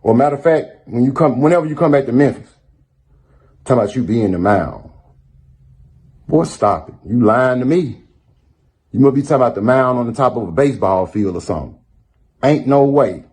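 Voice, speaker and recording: Mocking man, mid-pitched, lively swings, husky and mellow tone. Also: brisk, long pauses. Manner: mocking, sarcastic. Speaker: rapper responding in a clip. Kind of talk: sarcastic callout.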